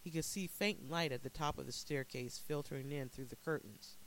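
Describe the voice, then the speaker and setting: Man narrating a dark story. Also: fairly high pitch, a little hiss or hum, rough recording. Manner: measured, dramatic storytelling.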